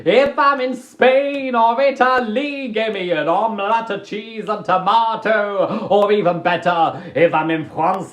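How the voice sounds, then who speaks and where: A man's voice: high voice, fairly even intonation, a little slow, few pauses, fairly bright tone, roomy sound. A British man hosting a live stream from home, chatting playfully and hamming it up with silly voices and singsong asides. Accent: British English. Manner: hammy, singsong, drifts into silly voices and humming. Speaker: live-stream host answering viewer prompts. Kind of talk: playful, theatrical chat. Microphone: phone.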